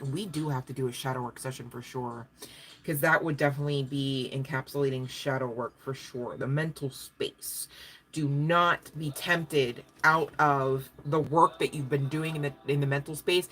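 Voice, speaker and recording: A woman's voice: extremely low pitch, fairly bright tone. A woman giving a casual livestream tarot reading, chatty and profane, laughing often. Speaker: tarot card reader.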